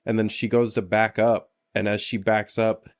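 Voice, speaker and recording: A man's voice: on the low side, level tone, moderate pace. A man co-hosting a podcast, casually chiming in to retell horror movie scenes, with lots of agreement and swearing. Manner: laid-back, chimes in with agreement and swearing. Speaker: podcast co-host. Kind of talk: casual movie recap chat.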